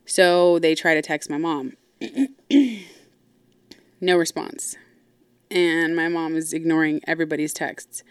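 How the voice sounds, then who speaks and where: Woman, lowish voice, smooth, casual storytelling, blunt and profane, dry. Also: takes it slowly, pauses often, dry recording. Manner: blunt, profane, full of asides. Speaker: podcast host.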